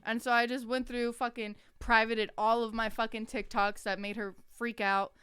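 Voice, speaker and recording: Smooth-voiced woman in casual podcast chat. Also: on the high side, little pitch movement, moderate pace, a bit bright, no echo, studio quality. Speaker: podcast co-host.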